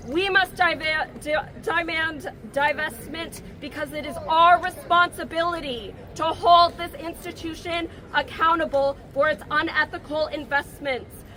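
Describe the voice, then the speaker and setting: High bright-voiced woman rallying outdoors. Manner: emotional, rousing, call-and-response cadence. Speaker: rally speaker. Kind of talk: impassioned protest speech. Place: outdoor campus green at a rally. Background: crowd cheering.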